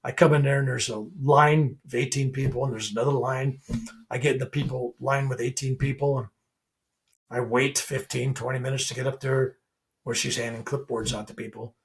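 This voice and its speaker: Brief: older male reverend, gravelly, animated storyteller. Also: mid-range voice, brisk. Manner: animated, acts out dialogue in retellings. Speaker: guest, reverend. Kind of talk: storytelling in a podcast interview.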